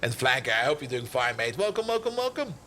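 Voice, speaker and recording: A man's voice: mid-range voice, sing-song, fast talker, bright, forceful tone, a little hiss or hum. A young man streaming a game, chatting casually, joking, rambling and laughing often. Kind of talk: casual live-stream chat.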